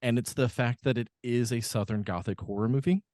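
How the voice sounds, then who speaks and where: A man's voice: mid-range voice, brisk, a little mellow, dry recording, clean studio sound. A man co-hosting a podcast, talking through a film in casual chat with lots of fillers and restarts. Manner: rambling, many fillers and restarts. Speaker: podcast co-host.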